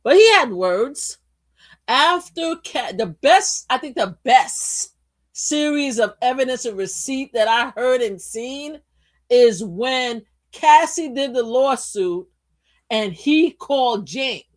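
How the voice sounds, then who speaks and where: A woman hosting a live stream who tells stories casually and gossips as she goes. Her voice sits a bit high. She wanders off mid-sentence, swears freely, and searches out loud for names. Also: lively intonation, takes it slowly. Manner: rambling and gossipy, swears, loses her train of thought. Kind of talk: casual storytelling commentary.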